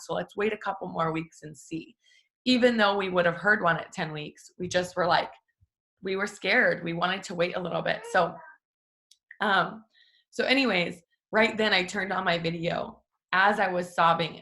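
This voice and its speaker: A woman's voice: lowish voice, gravelly, a bit bright. A young woman giving a casual, emotional faith talk at home, chatty and full of fillers. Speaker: devotional host. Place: family home. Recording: roomy echo.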